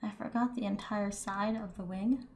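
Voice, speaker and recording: Soft-spoken woman with a gravelly edge. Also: medium pitch, fairly even intonation, moderate pace. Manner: soft-spoken, quiet and hushed; chatty, self-talking, gently self-correcting. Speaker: painter. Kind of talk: casual narration while painting.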